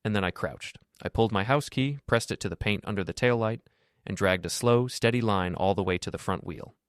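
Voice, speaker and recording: A man narrating a first-person story in a calm, measured, cutting manner. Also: fairly low pitch, dry recording, clean studio sound.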